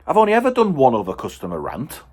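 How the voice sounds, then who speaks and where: A man rants to his vlog audience, exasperated and animated. His voice is husky with a slightly rough edge. His pitch swings widely as he tells the story. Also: fast. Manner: exasperated, animated, acts out quotes. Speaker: home car dealer vlogger. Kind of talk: ranting storytelling to camera.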